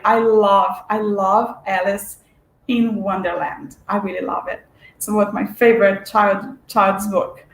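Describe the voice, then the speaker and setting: A woman giving a spiritual lecture in an earnest, searching way, with frequent restarts and fillers. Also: medium pitch. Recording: echoey room.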